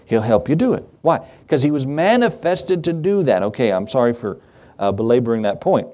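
Male preacher, animated pitch, conversational sermon with rhetorical questions. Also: a little fast. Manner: reads scripture in King James wording. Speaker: pastor.

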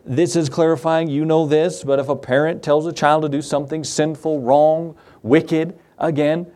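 A middle-aged man preaches a sermon in a relaxed, folksy way, and his voice sits a little higher than most men's. He talks to the congregation like he's chatting with friends, with chuckles and asides. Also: moderate pace. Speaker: pastor.

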